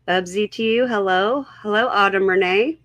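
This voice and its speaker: A woman's voice: mid-range voice, moderate pace, fairly bright tone, dry recording. A woman hosting a casual livestream, greeting viewers one by one and sounding a little unsure of herself. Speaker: livestream host.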